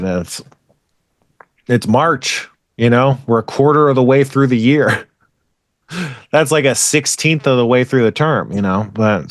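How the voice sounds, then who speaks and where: A man's voice: medium pitch, no room sound, clean studio sound. Ranting, swearing man on a podcast. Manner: rambling, profane, exasperated ranting. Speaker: podcast co-host. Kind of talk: casual podcast chat.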